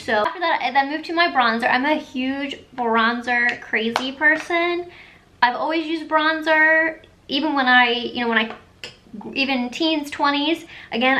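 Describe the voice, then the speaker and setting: Chatty woman with a high voice. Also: pushed and bright. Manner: chatty and enthusiastic, quick asides. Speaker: beauty vlogger. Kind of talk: casual makeup tutorial.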